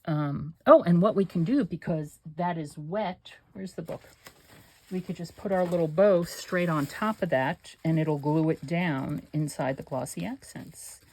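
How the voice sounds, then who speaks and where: An older woman runs a craft channel, chatting loosely and muttering to herself while she crafts. Her voice sits low with a darkish tone, and she takes her time.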